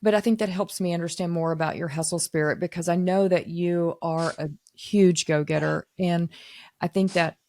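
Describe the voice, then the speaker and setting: A woman with a somewhat low voice hosts a casual podcast interview. She asks reflective questions, pausing on fillers and restarting her sentences. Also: fairly even intonation, a little mellow, no room sound. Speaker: podcast host.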